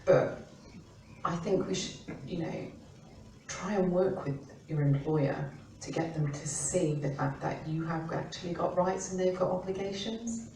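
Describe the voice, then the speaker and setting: A middle-aged woman from the UK, an employment law expert talking informally and acting out quoted remarks in lively voices. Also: lowish voice, unhurried, slight background noise. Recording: roomy, distant mic with faint ambience.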